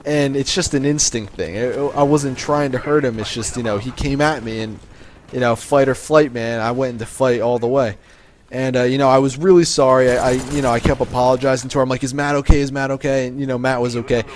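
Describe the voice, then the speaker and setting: A man's voice: medium pitch, fairly even intonation, brisk, a little hiss or hum. Swaggering young man telling a story. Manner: swaggering, profane, with filler words and restarts. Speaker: vlogger telling a life story. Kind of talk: casual storytelling to camera.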